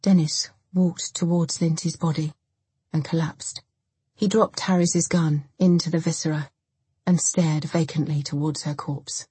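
A woman narrating a thriller audiobook in an even, measured way. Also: deep voice, husky, no echo. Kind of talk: scripted narration.

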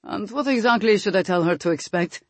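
A woman's voice: mid-range voice, fairly quick, no echo, pitched above the performer's own voice, lightly acted. A woman voicing a stern male estate guard who speaks curtly, in an audiobook reading.

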